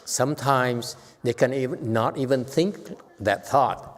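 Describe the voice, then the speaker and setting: A man's voice: medium pitch, a little slow, hardly any pauses. A man, a Buddhist meditation teacher, giving a Dharma talk to a class, earnest and growing emphatic. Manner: earnest, grows emphatic and animated, with laughs. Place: temple hall. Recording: long reverb of a hall.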